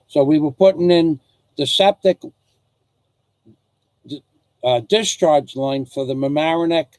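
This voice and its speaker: A man's voice: mid-range voice, a little mellow, no echo, poor audio. An older man telling stories from his working life in a casual, rambling way, with many restarts and earnest questions. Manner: rambling, digressive, full of restarts. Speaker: father recounting his life. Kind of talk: casual storytelling.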